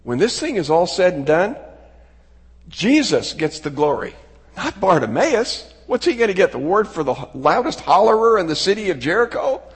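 A middle-aged man preaching a sermon in a folksy, animated way, acting out quotes with sudden shouts. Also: sits high, moderate pace, breathy edge. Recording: long hall reverb.

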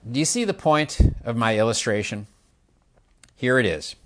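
An older man preaching a sermon, explaining slowly and asking the listeners questions as he illustrates with his hands. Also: mid-range voice, big pitch swings, a bit bright.

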